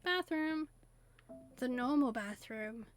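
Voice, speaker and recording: Chatty, playful high-voiced woman streamer. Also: lively intonation. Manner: chatty, playful, quick to laugh. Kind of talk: casual gameplay commentary. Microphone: desk USB condenser mic. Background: faint game music.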